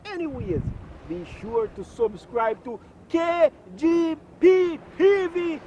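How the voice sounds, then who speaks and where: A man's voice: very high voice, takes it slowly, a little mellow, lo-fi sound, slight background noise. A man giving a casual, smug outro as a channel host.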